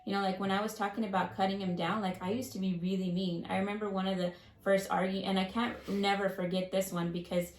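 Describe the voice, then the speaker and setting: A woman's voice: mid-range voice, flat delivery, quick pace, few pauses, roomy sound, low-quality recording. A woman co-hosting a casual relationship advice podcast, talkative and full of fillers, often acting out quoted arguments. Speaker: podcast co-host.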